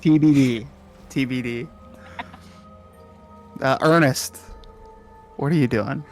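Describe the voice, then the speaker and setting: A man narrating a tabletop horror game as game master, in a measured storytelling way with occasional fillers. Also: medium pitch, a little mellow, soft background music.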